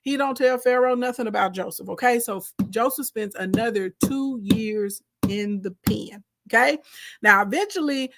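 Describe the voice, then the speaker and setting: A woman casually retelling a Bible story in animated, slangy, conversational speech. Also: on the high side, normal speed, heavy background noise.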